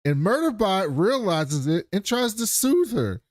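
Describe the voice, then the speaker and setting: A man's voice: sits high, very animated, measured pace, no echo, clean studio sound. A man co-hosting a podcast, animatedly retelling an episode and acting out the quotes in a casual chat. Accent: American. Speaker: podcast co-host.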